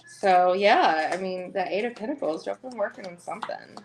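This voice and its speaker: Slow-talking Southern woman reading tarot. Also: mid-range voice, expressive, a little mellow. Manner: chatty, laughs often. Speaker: tarot reader. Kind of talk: live-streamed tarot reading.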